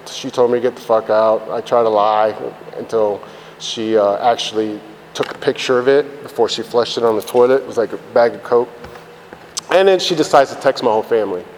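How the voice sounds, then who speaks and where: Brisk and darkish in tone, with a mid-range voice, a man rambles through a profane, blunt account of his recovery, loaded with fillers. Faint background noise and hall reverberation color the recording.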